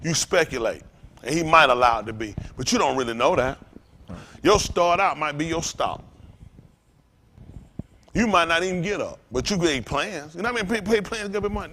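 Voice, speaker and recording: Animated preaching man, slightly high voice. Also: brisk, a little hiss or hum. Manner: animated preaching with loose vernacular storytelling. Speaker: pastor. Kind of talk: sermon.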